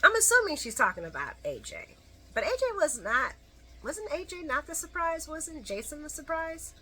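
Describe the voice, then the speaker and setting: A woman's voice: high voice, very animated, moderate pace, sharp tone. A middle-aged woman giving a casual, opinionated solo recap of a soap opera, chatting to her viewers with plenty of fillers and asides.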